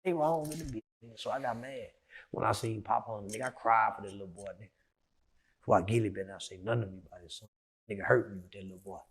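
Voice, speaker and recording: A middle-aged man telling a story as an interview guest, profane and heated, dropping to low mutters and then shouting. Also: quick pace, breathy edge.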